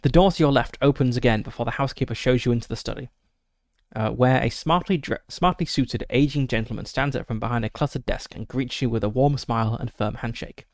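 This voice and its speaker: A man's voice: medium pitch, brisk, darkish tone, dry recording, clean studio sound. A man streaming a solo tabletop game, reading the gamebook aloud with frequent fillers and short asides.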